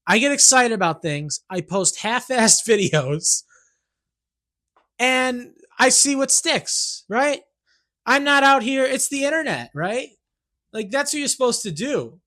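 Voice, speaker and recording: A man's voice: very high voice, animated, measured pace, bright, forceful tone. A man talking to camera in a rambling, ranting monologue, breaking off and restarting and tagging his points with questions. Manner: rambling, self-interrupting, keeps asking "right?". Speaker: YouTuber and songwriter.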